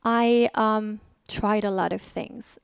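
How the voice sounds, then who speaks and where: A woman's voice: medium pitch, fairly even intonation, slow pace, gravelly, clean tone, dry recording, clean studio sound. A woman speaking frankly and emotionally as a guest on an interview podcast. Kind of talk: candid interview conversation.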